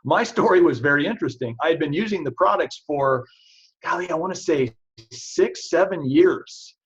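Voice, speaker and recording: Husky-voiced chiropractor, chatty and lo-fi. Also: male voice, fairly high pitch. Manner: chatty, self-deprecating, animated storytelling. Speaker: chiropractor presenting products. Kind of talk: casual product talk to an audience. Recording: dull lo-fi recording.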